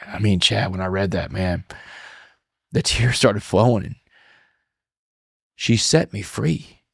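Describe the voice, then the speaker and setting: A man speaks as a podcast guest, earnest and reflective as he tells his story, often stopping to restart a phrase. His voice sits low. The sound is dry and close, with no room echo. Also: slow pace, vocal fry, slightly rough. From Texas. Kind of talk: emotional storytelling interview.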